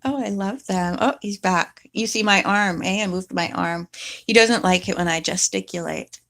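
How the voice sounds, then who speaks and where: A woman's voice: mid-range voice, moderate pace, a bit bright. A woman vlogger chatting casually and rambling, now and then talking to her cat.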